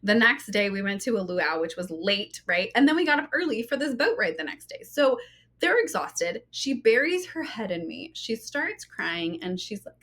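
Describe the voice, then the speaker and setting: A woman in her thirties hosting a podcast, telling a personal story in a casual, animated way, full of "like" and "you know" asides. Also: medium pitch, normal speed. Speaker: podcast host.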